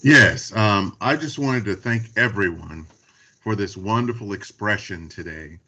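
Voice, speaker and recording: A middle-aged man from Texas speaks in a low, gravelly voice. He sounds earnest and halting, stumbling through fillers and restarts. The audio is dull, coming over a video call. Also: pushed and bright, slight background noise. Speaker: university dean staff member. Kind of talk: spontaneous remarks at an online event.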